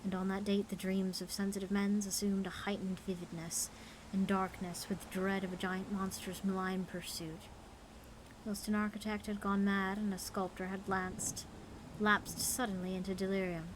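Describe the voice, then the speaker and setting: A woman's voice: medium pitch, level tone, normal speed, background noise. A tired woman reading a horror story aloud on a live stream, earnest but cursing at her own slips.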